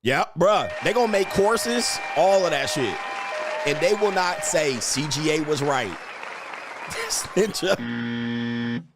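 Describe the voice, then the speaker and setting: A man ranting casually on a livestream, animated and emphatic, laughing and repeating himself for emphasis. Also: on the high side, takes it slowly, pauses often, loud music behind the voice, a loud crowd. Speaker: dating commentary streamer.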